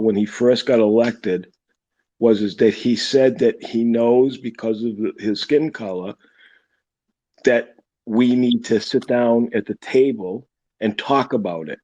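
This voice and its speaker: A man, a pastor calling in to a live show, speaking in a measured preaching tone and building his argument step by step. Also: mid-range voice, dark tone, muffled recording. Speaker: pastor, caller.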